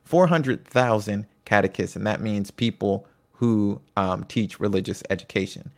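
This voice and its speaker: A middle-aged man with a low, gravelly voice gives an informal lesson. He reads from prepared notes and breaks off into casual, chatty remarks. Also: normal speed. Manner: reads notes then adds chatty asides. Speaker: lecturer. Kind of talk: casual educational talk.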